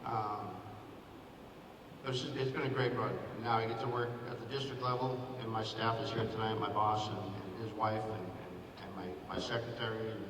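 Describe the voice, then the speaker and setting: A man's voice: fairly low pitch, level tone, moderate pace. A man in his fifties, a former athletic director, giving a sentimental hall of fame acceptance speech and thanking many people by name. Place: school gym at a ceremony. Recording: echoey gym, picked up from far off, noisy.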